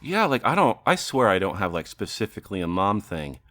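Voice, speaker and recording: A man's voice: lowish voice, big pitch swings, brisk, sharp tone. A man co-hosting a podcast in casual chat, digressive, often laughing and swearing freely. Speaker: podcast co-host.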